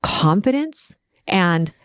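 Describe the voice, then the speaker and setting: A woman's voice: on the low side, sing-song, slow, clear, resonant tone, no echo, studio quality. A woman hosting a podcast, telling a personal story in an earnest, emotional, confessional way. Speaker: podcast host.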